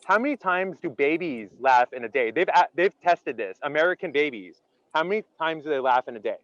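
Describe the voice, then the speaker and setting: A man leading an interactive online laughter workshop, animated and chatty, quizzing his audience and filling his speech with "like". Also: fairly high pitch, fairly quick, no room sound, highs cut off. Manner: animated, chatty, asks audience questions, many "like" fillers.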